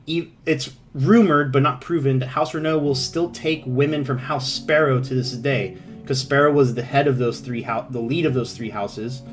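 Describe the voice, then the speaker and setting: A man narrating as game master, rambling and halting, with many fillers and restarts. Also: mid-range voice.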